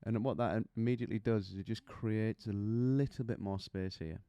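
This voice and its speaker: A male vocal coach talks through technique in a relaxed, chatty way, breaking into little demonstrations and stories. His voice sits low and mellow. The sound is dry and close. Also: brisk, clean tone, no room sound. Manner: chatty, explains with demonstrations and anecdotes. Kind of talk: singing lesson to camera.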